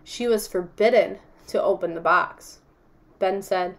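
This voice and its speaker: A woman reading chapters of a novel aloud in a calm, even storytelling voice. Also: medium pitch, normal speed. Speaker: audiobook reader.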